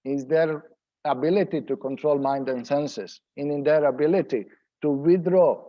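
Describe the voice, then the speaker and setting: A man teaching a scripture seminar, explaining verses word by word in an unhurried, explanatory way. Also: fairly high pitch, muffled recording. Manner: explanatory, pauses to translate word by word.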